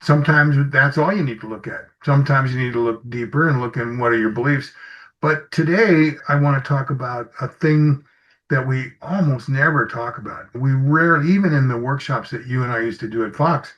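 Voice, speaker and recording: A man's voice: mid-range voice, brisk. Guy coaching leaders in an interview, tells little stories w/ quoted dialogue, audio a bit dull. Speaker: executive coach guest. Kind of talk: conversational interview storytelling. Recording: slightly muffled audio.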